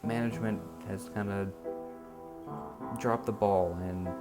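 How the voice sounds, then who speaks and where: A man with a very deep voice, narrating his own story for a documentary. He speaks in a measured, deliberate way while clear music plays behind him. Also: steady tone. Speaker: documentary subject.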